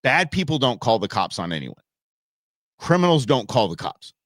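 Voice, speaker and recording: Here his mid-range voice moves at normal speed, captured in studio quality with no room sound. The host, who grew up in Southern California and Arizona, tells a lively, wandering story about the neighborhood on a live stream, leaning on homespun sayings.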